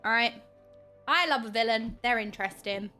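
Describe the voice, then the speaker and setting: A woman's voice: fairly high pitch, normal speed, faint music behind. A woman streaming a game, chatting playfully and giddily with her viewers. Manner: giddy, playful, squeals when excited. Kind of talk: casual game stream commentary.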